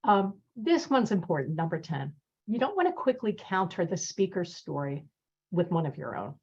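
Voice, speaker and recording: Husky woman teaching listening skills. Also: lowish voice, moderate pace. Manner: lively, laughs often, acts out example lines. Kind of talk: webinar talk. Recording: muffled video call audio.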